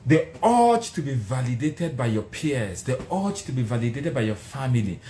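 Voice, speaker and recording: His voice sits at medium pitch with a dark tone and a sing-song lilt as this middle-aged motivational speaker passionately repeats key lines for effect at a moderate pace. The audio has a roomy echo and faint background noise.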